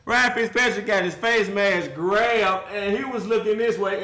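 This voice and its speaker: A man's voice: high voice, moderate pace, few pauses, heavy background noise. A man hosting a casual football rant, laughing often and mocking the teams in a loose, slangy way. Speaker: football commentary vlogger.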